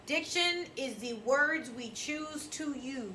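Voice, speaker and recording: A woman teaching a high school English class, lecturing in a blunt, sassy, emphatic way. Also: expressive, takes it slowly, hardly any pauses, sharp tone, slight background noise.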